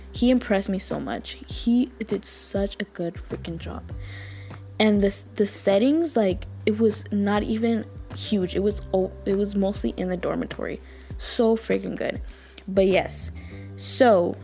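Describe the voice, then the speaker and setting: Woman podcast host, gushing chatty talk, gravelly fry, faint music behind. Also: medium pitch, darkish tone. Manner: gushing and chatty, with many fillers. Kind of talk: casual chat.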